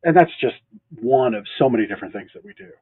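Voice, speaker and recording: A man with a husky, slightly breathy voice talks shop in an easygoing, joking way, dropping sarcastic asides as he goes. The sound is dry and squeezed into a narrow, phone-like band. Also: mid-range voice, expressive, fast, no room sound. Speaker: mattress store owner co-hosting a local show. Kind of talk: casual business chat.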